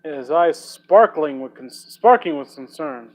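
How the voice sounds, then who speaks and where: A young man reads an online story aloud and mocks it with sarcastic, swearing asides. His voice sits a little high and swings wildly up and down, bursting with energy. It sounds like a casual home setup. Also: lively intonation, measured pace, low-quality recording. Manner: sarcastic, profane, riffing asides. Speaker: YouTuber reading fan fiction. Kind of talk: comedic dramatic reading with commentary.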